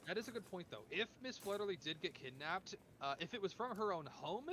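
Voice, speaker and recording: Quick-talking higher-voiced male player. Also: animated, sharp tone, slight background noise. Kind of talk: casual tabletop game chat.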